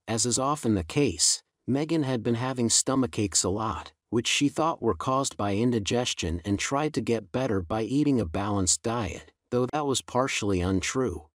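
A man's voice: medium pitch, no echo. Man reading a story in a dry room. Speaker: narrator. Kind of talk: scripted story narration.

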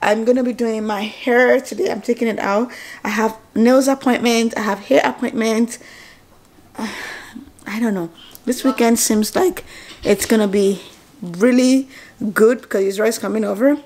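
A woman in her thirties chatting excitedly to her phone camera at home in a casual vlog, stopping and restarting her sentences. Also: fairly high pitch, normal speed. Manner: chatty, excitable, self-interrupting. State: out of breath. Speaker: vlogger.

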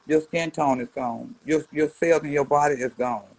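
A woman in her seventies delivering a profane trash-talking response rant to a rival. She is brash and mocking, and swings between low mutters and loud jabs. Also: normal speed, breathy edge, low-quality recording. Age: 70s. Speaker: social media personality answering a rival.

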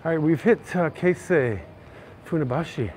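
A Canadian man narrating a casual walking tour of city streets, chatty and excitable. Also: on the high side, normal speed. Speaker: vlogger. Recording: faint outdoor street noise. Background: faint traffic and street noise.

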